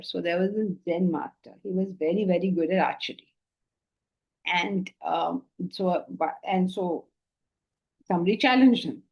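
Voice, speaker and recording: A woman spiritual teacher giving a philosophy lecture with stories, animated and asking rhetorical questions. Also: on the low side, husky, muffled recording.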